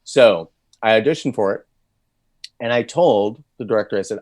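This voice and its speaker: Low-voiced man telling studio stories. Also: moderate pace, pauses often, darkish tone, no echo. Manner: rambling storyteller with frequent restarts and laughs. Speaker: voice actor guest. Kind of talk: casual interview chat.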